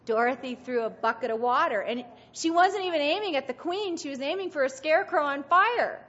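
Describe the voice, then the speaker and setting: A woman preaching to a group of women, earnest and emphatic, her voice dropping soft at the end of phrases. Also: high voice, lively intonation, a little fast, muffled recording. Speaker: speaker at a women's gathering. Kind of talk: sermon.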